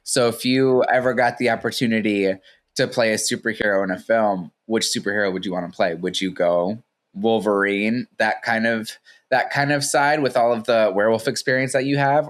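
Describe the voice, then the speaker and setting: A man's voice: on the low side, fairly even intonation, a little fast. A man hosting a podcast interview, asking long, winding questions and giving friendly affirmations. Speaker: podcast host. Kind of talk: casual interview conversation.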